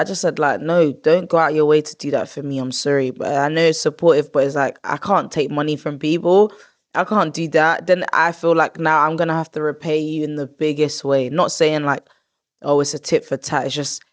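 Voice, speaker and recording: A young woman hosting a podcast, talking casually in a rambling, heartfelt way with lots of fillers and self-corrections. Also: deep voice. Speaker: podcast host.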